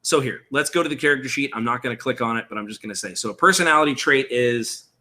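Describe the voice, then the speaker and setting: A man's voice: medium pitch, fast, sharp tone. A man explaining character creation on a live stream in a casual, rambling way, thinking aloud and answering viewer chat. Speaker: streamer building a game character. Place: room at home with window blinds.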